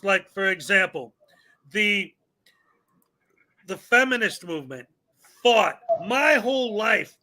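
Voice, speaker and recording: A man's voice: high-pitched, bright, forceful tone. A man from Chicago with a Chicago accent, hosting a casual live-stream chat in a chatty, jokey way. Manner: chatty, jokey, laughs often. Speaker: show host.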